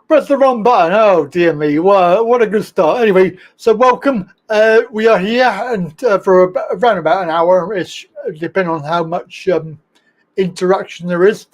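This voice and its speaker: Man, high voice, live stream host, casual chatty rambling, laughs at own mistakes. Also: a little slow. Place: home studio, in Thailand.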